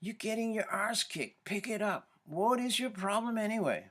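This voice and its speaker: A man's voice: high voice, animated, normal speed, a bit bright, pitched above the performer's own voice. A man voicing a runner's scornful inner critic, taunting and sneering.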